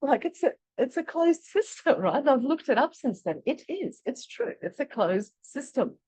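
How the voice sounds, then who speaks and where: A woman from Eastern Europe leading an online workshop, talking in a chatty, animated way and laughing often. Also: high-pitched, normal speed, no echo, rough recording. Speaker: workshop leader. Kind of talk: casual online workshop teaching.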